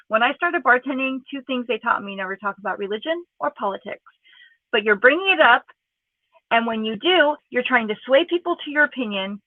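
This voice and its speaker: High-voiced woman ranting and cussing, sarcastic, sounds like a phone line. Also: dry recording. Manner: angry, profane, sarcastic. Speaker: YouTube commentator. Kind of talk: casual ranting commentary. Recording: tinny phone-like audio, dry.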